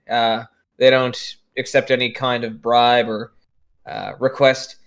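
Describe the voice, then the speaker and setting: A man's voice: mid-range voice, smooth. A man playing a tabletop role-playing game, speaking in character with many fillers and restarts. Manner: halting, full of fillers and restarts. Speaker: player.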